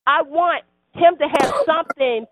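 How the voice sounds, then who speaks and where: A woman's voice: high voice, a little slow, no echo. A woman in a casual soap opera chat, talking in an earnest, rambling way. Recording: tinny phone-like line, dry.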